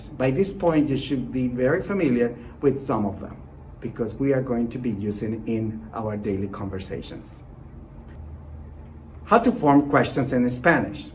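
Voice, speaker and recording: Lively, encouraging male Spanish teacher. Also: mid-range voice, slight background noise, rough recording. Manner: encouraging, repeats short praise and reassurance; models example sentences slowly and clearly. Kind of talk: recorded online language lesson.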